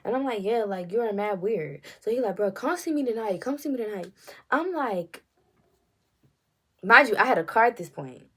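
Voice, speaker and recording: A young woman, telling a story in a casual vlog, animated and swearing often as she acts out the quotes. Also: mid-range voice, normal speed, husky. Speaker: storytime vlogger.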